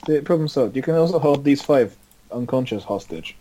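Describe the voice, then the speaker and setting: A man's voice: mid-range voice, animated, brisk, warm tone, a little hiss or hum, poor audio. A man taking part as a player in a tabletop game, talking in an offhand, dry way. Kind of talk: casual tabletop play.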